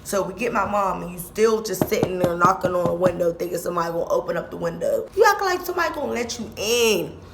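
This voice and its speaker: Gravelly young woman telling a story. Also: fairly low pitch, fast talker, hardly any pauses, noisy background. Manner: animated, slangy storytelling with repeats. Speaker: vlogger. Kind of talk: casual storytime.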